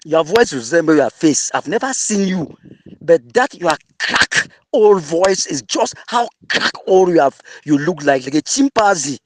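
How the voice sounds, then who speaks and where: A man's voice: a little high, expressive, unhurried, noisy background. A man with a Cameroonian English accent mixing in Pidgin, angrily insulting an opponent in an online audio debate. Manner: angry, insulting, mocking.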